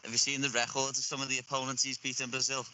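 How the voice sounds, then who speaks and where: Brash young Scouse fighter, blunt slangy talk, bright tone, faint line noise. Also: male voice, mid-range voice, level tone, quick pace, poor audio. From Liverpool, England. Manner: blunt and profane, lots of slang. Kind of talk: casual interview. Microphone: earphones on a remote call.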